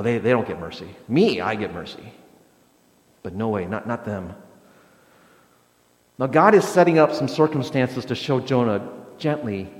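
A male pastor preaching a sermon in a conversational, joking way, often asking "right?". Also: mid-range voice. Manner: conversational, jokey, tags lines with "right?". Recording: echoey hall with long reverb.

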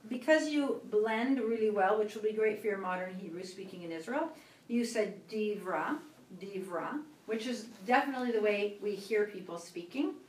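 A woman's voice: medium pitch, expressive, brisk, hardly any pauses, slight background noise. A woman teacher guiding students through reading aloud syllable by syllable, patient and encouraging. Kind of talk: classroom instruction. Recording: roomy classroom audio from a distance.

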